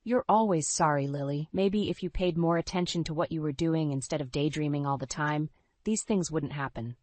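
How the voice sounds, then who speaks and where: A woman voicing an angry, contemptuous middle-aged husband, sneering and shouting, in a storybook reading. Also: sits low, normal speed, no echo, lightly acted.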